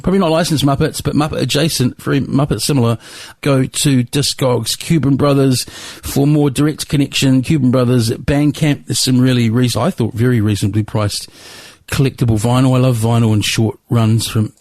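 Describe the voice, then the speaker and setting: A male podcast host talks through an episode recap at a middling pitch, rambling and hesitant, with plenty of fillers. The sound is close and dry with no room echo. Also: steady tone, moderate pace, darkish tone. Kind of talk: solo podcast outro.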